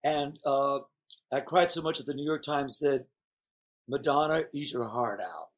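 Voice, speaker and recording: Husky rambling male storyteller. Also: mid-range voice, measured pace. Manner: rambling storyteller, playful and candid. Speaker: guest performer. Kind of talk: casual chat.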